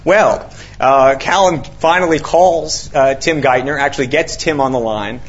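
An author tells a long story to an audience, animatedly acting out what people said, with many fillers and restarts. His medium-pitched voice has a breathy edge and a measured pace, on a dull lo-fi recording.

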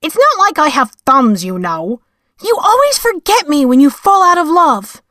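A woman's voice: sits high, very animated, normal speed, a bit bright, dry recording, clean studio sound, voice pushed up. A woman voicing a huffy, complaining male talking cat in a storybook reading. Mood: whiny. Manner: whiny, aggrieved.

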